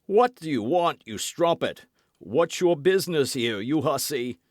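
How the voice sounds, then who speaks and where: A man's voice: wildly swooping pitch, takes it slowly, vocal fry, dry recording, studio quality, heavily acted. A man voicing a frightened young male servant who cries out shrilly in an audiobook. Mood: alarmed. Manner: shrill, alarmed outbursts. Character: startled, usually silent male servant.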